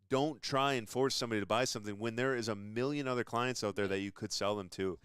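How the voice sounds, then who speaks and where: A man's voice: on the low side, fast talker, few pauses, a bit bright, smooth, dry recording. A young man hosting a casual interview chat, talking enthusiastically and rambling between points. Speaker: show host.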